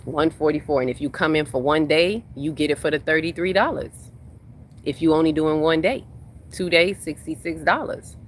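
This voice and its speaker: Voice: mid-range voice, moderate pace, a little hiss or hum. A spiritual workshop host talking casually on a livestream, reading viewers' comments aloud and repeating phrases for emphasis. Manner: reads chat comments aloud and answers them.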